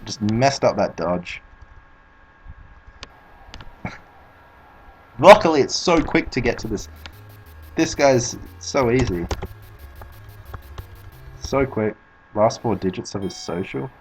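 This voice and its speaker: A man's voice: medium pitch, animated, slow pace, pauses often, a little hiss or hum, poor audio. Rambling, cursing Australian man. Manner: rambling, swears a lot, laughs at himself. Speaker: speedrunner streaming. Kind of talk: casual commentary while playing.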